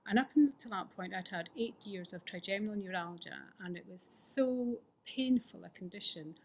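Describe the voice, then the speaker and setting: This middle-aged woman gives personal testimony at a fellowship meeting, telling her recovery story frankly and with self-mockery, often dropping to a whisper. Her mid-range voice is darkish and moves at normal speed, with a little hiss or hum present.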